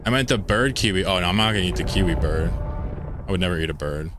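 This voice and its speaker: A man's voice: low-pitched, expressive, fast talker, background noise. A man from Pennsylvania with a mid-Atlantic American accent, rambling and joking while streaming a game and reading chat aloud. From Pennsylvania, United States. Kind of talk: casual live-stream chat while gaming.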